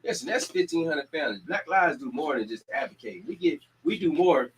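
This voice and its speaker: Energetic man rallying his community. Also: fairly high pitch, brisk, rough recording. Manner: preacher-like repetition, energetic calls to action. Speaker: community organizer and show host. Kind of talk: casual community announcements.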